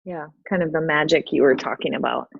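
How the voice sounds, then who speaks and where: A woman's voice: low voice, brisk, gravelly, breathy edge. Thoughtful woman host on a video call. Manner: thoughtful, searching for words. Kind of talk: casual chat on a video call. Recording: dull, lo-fi video call audio.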